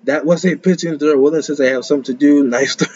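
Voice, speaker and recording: A man's voice: a little high, fairly even intonation, fast talker, darkish tone, husky. Rambling guy, muffled casual commentary. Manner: rambling and stumbling, repeats words, chuckles often.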